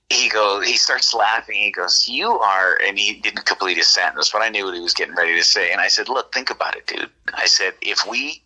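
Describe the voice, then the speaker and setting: A man's voice: on the low side, poor audio. A man from California telling a long, rambling story, often acting out the dialogue of the people in it. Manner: rambling, animated, acts out quoted dialogue. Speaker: guest telling an encounter story. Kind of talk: casual storytelling on a podcast.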